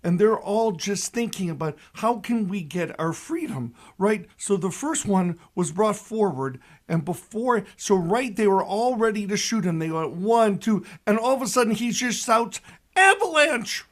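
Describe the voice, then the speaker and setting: A man, a pastor telling a joke and giving a radio reflection, animated and loud at the punchlines. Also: sits high, normal speed, hardly any pauses. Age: 60s. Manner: animated storyteller who shouts the punchlines.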